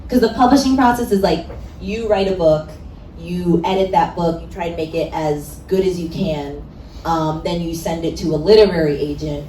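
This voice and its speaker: A woman's voice: on the low side, normal speed, mellow, a little hiss or hum. Woman talking from across an echoey shop. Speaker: event moderator. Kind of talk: casual conversation at a book signing. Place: bookstore event. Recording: echoey room, mic far off, faint chatter.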